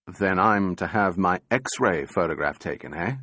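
An unruffled prosecutor speaking evenly, with a low voice and dry irony, as a male narrator plays him. He sounds coolly indifferent to the man questioning him. The sound is close and dry. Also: a little slow, dry recording, full character voice. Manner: even, indifferent, dryly ironic.

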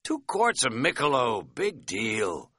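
A man voicing a boisterous, half-drunk middle-aged hiking buddy who talks loudly, jokes and dodges questions. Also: mid-range voice, huge pitch swings, slow pace, slightly rough, no room sound, clean studio sound, pitched above the performer's own voice, full character voice. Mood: evasive. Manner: loud, jokey, evasive.

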